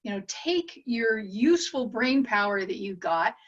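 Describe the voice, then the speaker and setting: A woman's voice: on the high side, lively intonation, unhurried. A middle-aged woman hosting a podcast, giving earnest advice in casual interview chat. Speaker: podcast host. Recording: dull lo-fi audio.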